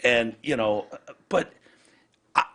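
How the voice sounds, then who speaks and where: A man's voice: mid-range voice, takes it slowly, fairly bright tone. A man hosting a podcast in casual chat, ranting heatedly and profanely and acting out other people's words. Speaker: podcast host.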